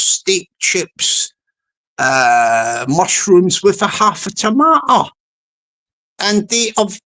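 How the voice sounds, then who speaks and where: Slow rambling man telling a comic story. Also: high voice, fairly bright tone. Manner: rambling, with many stammered restarts. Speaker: vlogger.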